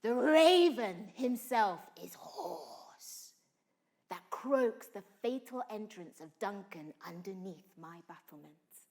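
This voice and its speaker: A woman performing Lady Macbeth, a ruthless noblewoman calling on dark spirits, in a slow, intense Shakespearean monologue with hushed whispered phrases. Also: medium pitch, lively intonation, vocal fry.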